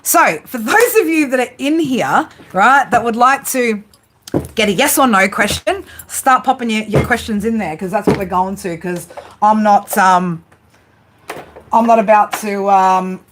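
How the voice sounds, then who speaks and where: A woman's voice: medium pitch, unhurried, background noise. A woman, ranting bluntly and swearing heavily as a tarot livestream host. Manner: blunt, heavy swearing, heated and defiant. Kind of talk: live-stream rant to viewers.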